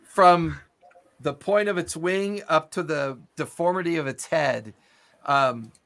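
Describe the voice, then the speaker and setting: A man runs a tabletop game, narrating a battle in cinematic detail while keeping a relaxed, chatty delivery with the odd filler. His voice is bright and forceful and sits a touch high. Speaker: game master.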